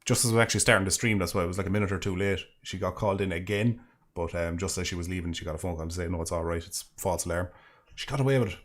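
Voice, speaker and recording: A man's voice: low-pitched, racing. A man with a rambling, sweary, sarcastic manner, casually chatting while reading super chats on a live stream.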